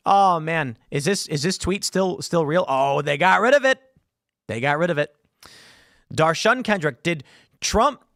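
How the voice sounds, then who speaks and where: A man's voice: fairly high pitch, fairly bright tone, no echo, clean studio sound. A man hosting live political commentary, talking in a sarcastic, mocking way and slipping into mock voices. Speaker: political show host. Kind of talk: opinionated live-stream commentary.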